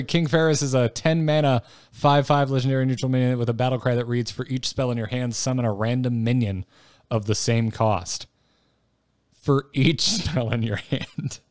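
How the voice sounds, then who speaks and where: A man's voice: medium pitch, darkish tone, dry recording, clean studio sound. A man co-hosting a podcast in casual chat, playful and self-mocking, stumbling over names. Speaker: podcast co-host.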